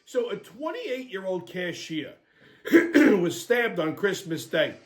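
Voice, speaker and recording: A man's voice: sits high, sing-song, slow pace, soft background music. A man hosting, delivering a blunt, profane comedic rant. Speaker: host.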